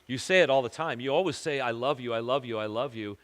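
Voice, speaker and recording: A man voicing God as a quiet inner voice that speaks in a soft, low, probing way. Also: fast talker, lightly acted. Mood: searching. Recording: long hall reverb.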